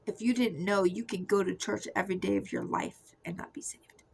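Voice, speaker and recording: A young woman giving a soft, confessional personal testimony that often drifts into a whisper. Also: mid-range voice, steady tone, fairly quick, creaky, breathy edge, poor audio. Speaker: Christian testimony speaker.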